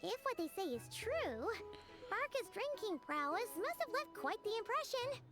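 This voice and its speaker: A tiny childlike game companion with a very high, sing-song voice that bounces all over the place. She sounds bright and chatty as the game's music plays clearly underneath. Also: big pitch swings, moderate pace. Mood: curious. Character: small chirpy childlike female companion. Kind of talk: game dialogue. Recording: game audio with soft music.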